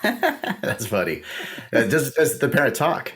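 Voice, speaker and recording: A man hosting a podcast interview, agreeable and quick to laugh along, with short affirmations. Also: medium pitch, huge pitch swings, a bit bright, slightly rough. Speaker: podcast host. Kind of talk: casual interview chat.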